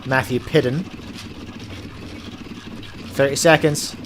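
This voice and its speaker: A man's voice: medium pitch, fairly even intonation, slow, noisy background. A married man, hosting a podcast and chatting casually as he reacts to videos with playful, jokey asides. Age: adult, married.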